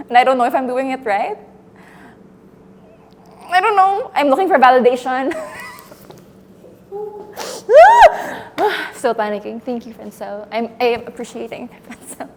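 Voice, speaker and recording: A woman's voice: sits high, long reverb tail, slight background noise. A woman narrating her feelings aloud during a workshop exercise, nervous and self-conscious, with bursts of laughter. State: anxious, breathy with nervous laughter. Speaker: acting workshop participant.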